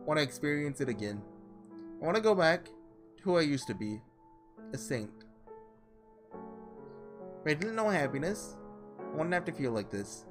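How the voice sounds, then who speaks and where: A man voicing a sorrowful young woman who was once a saint, read slowly and heavily. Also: fairly high pitch. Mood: weary. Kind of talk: reading visual novel lines aloud.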